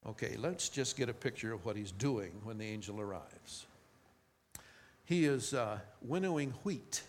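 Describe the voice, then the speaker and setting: Man, preacher, scripture reading, conversational sermon, mid-pitched voice, frequent restarts. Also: animated, normal speed.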